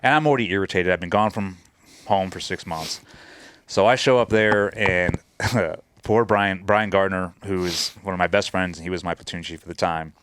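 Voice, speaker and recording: A man's voice: low-pitched, moderate pace, fairly bright tone, slight background noise. A man, a former military chief, telling stories in a casual podcast conversation. He swears freely and acts out the dialogue in his stories. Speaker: podcast guest, former Navy SEAL chief.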